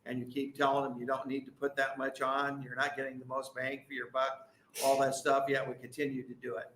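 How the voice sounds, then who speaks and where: A man gives committee testimony in a candid, folksy way, pausing often on fillers. His voice is bright and forceful, and it rings in an echoey hearing room. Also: medium pitch, monotone, a little hiss or hum. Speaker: farm group president testifying.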